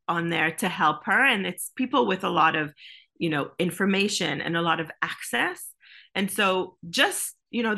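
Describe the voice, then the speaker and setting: A woman's voice: on the low side, pushed and bright. A woman being interviewed as a podcast guest, speaking earnestly in casual talk with lots of "you know.". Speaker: podcast guest, product executive.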